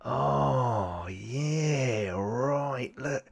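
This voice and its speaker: A man's voice: mid-range voice, extremely slow, creaky, husky, voice pushed up, heavily acted. A man voicing a sneaky, dim-witted male goblin guard who slurps over food. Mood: greedy.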